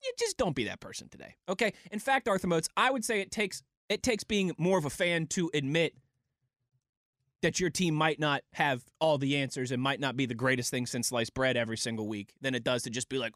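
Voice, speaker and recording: A young man co-hosting a sports radio show in a studio, energetic and playful, stretching words for effect. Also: on the high side, brisk, no echo. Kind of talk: upbeat sports talk radio.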